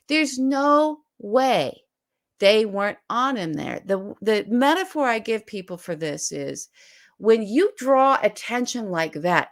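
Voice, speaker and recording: A woman co-hosting a political podcast, talking emphatically and fast and retelling scenes vividly as she makes her case. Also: a little high, a bit bright. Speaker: podcast co-host. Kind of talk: animated political podcast talk.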